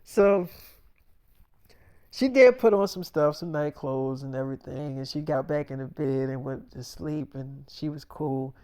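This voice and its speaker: A man's voice: on the high side, measured pace, a little mellow, smooth. Rambling man telling a story. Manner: rambling, filler-heavy, slangy. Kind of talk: casual freestyle storytelling.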